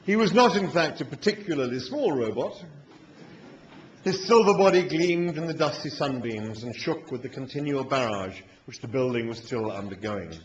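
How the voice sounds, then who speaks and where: Man reading a story, lively pitch. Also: normal speed, dull audio. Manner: lively, expressive narration. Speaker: author reading aloud. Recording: echoey hall, faint noise.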